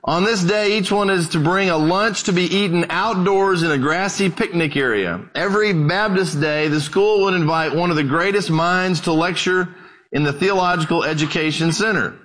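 A man's voice: high-pitched, moderate pace, fairly bright tone, rough recording. A man preaching a sermon, a conversational and folksy storyteller who talks straight to his listeners. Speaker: pastor.

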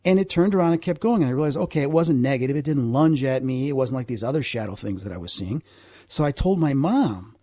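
A man talks through an anecdote in an animated way, full of asides. His voice is mellow and a little husky. The recording is dry and close. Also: mid-range voice, fast talker, dry recording. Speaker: guest. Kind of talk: storytelling in a conversation.

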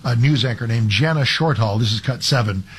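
Husky-voiced male talk radio host. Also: medium pitch, fairly quick. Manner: conversational, frequent restarts and filler words. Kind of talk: opinionated talk radio monologue.

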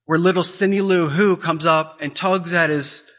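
A man's voice: on the high side, steady tone, normal speed, fairly bright tone. A man giving an impassioned Catholic talk, emphatic and repeating his questions for effect. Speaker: Catholic speaker. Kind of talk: impassioned preaching.

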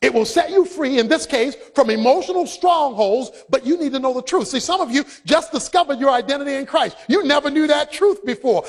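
A man preaching a sermon, swinging between loud shouted passages and quiet, low asides. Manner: preaching, rising to shouts then dropping low. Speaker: pastor. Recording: long hall reverb.

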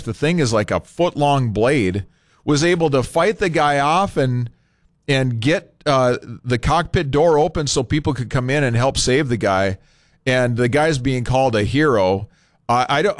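A male talk radio host speaks loosely into a studio microphone, thinking aloud with scattered fillers. His voice is smooth and resonant, and it sits close and dry with no room sound. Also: mid-range voice, dry recording. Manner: conversational and unscripted, pausing with fillers.

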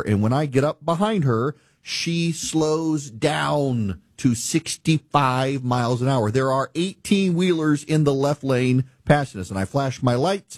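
A man hosting a talk show, telling a driving story in an exasperated, animated rant. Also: mid-range voice, no echo, studio quality. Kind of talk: ranting monologue.

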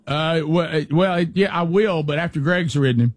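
A man co-hosting, giving excited, laughing play-by-play. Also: a little high, brisk. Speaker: radio co-host. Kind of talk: casual play-by-play banter. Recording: noisy on-location sound.

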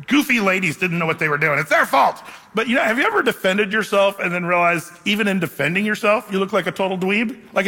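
A male pastor delivers a sermon, spinning an animated, self-deprecating story before turning to scripture. His voice sits a little high and rings with a bright, forceful edge. A long reverb trails behind him, as if he is speaking in a large hall.

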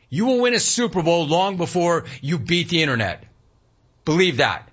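A man's voice: a little high, big pitch swings, normal speed, a bit bright, husky. A man hosting a sports talk radio show, delivering a monologue with punchy, emphatic repetition. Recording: slightly muffled radio broadcast.

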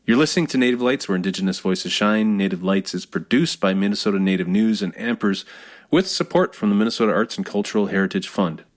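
A man hosting a radio program, reading a measured, scripted introduction and then chatting with his guest. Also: lowish voice. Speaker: radio show host.

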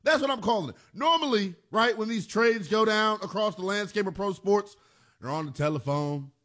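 A man's voice: sits high, expressive, moderate pace, fairly bright tone. A man hosting a sports talk radio show, delivering an emphatic monologue and repeating phrases for punch.

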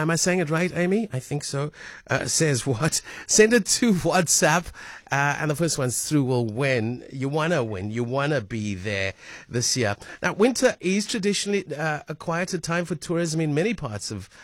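A man hosting a radio interview, upbeat and energetic. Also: medium pitch, no echo, clean studio sound. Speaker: radio host.

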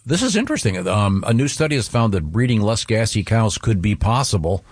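Low husky-voiced radio co-host man. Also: big pitch swings, no echo. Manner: halting, many filler sounds. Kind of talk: casual morning radio chat.

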